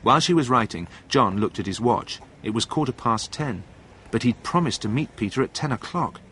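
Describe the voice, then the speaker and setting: A man narrating a story in a calm, plain, measured reading voice. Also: medium pitch, slight background noise.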